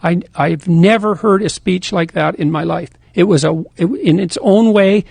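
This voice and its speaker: A man's voice: sits high, moderate pace, vocal fry, darkish tone, husky, dry recording. A man co-hosting a podcast, chatting emphatically and tripping over restarts. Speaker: podcast co-host. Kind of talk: casual chat.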